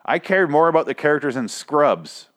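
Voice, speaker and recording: A man hosting a casual show, rambling and swearing with exasperation, his voice hoarse and nearly shot. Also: a little high, expressive, normal speed, a bit bright. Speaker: podcast host. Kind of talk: casual rant about a TV show.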